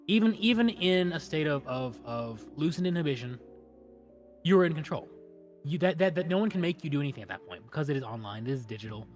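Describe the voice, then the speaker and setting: Fast-talking man in rambling chat. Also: on the high side, animated, faint music behind. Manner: rambling, repeats words while thinking. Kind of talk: casual stream chat.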